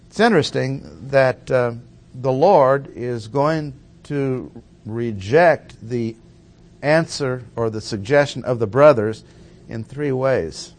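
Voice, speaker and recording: A man with a mid-range voice gives a measured expository Bible teaching, stressing and repeating key phrases.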